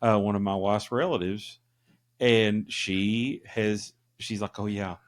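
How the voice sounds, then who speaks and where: This middle-aged co-host has a lowish, fairly flat voice and talks slowly. In casual podcast chat he rambles through long stories packed with "uh" and "you know."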